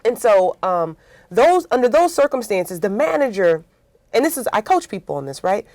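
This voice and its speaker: A woman talks through workplace stories in a conversational interview. She acts out quoted remarks and keeps checking in with "right?". Her voice is mid-pitched and the sound is dry and close. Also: moderate pace, no room sound. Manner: animated storytelling with acted-out quotes; frequent "right?" tags. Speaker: interview guest, workplace consultant.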